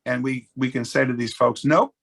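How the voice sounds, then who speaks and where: A man's voice: medium pitch, completely flat delivery, moderate pace, vocal fry, a bit bright. A man speaking as a real estate executive on a webinar panel, explaining his points earnestly and often restarting his sentences.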